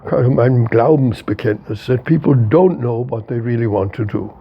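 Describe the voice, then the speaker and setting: In a reflective interview, an octogenarian philosopher repeats himself for emphasis and doesn't hide his feelings. He speaks at normal speed in a mid-range voice; the recording has its highs cut off and a faint hiss or hum.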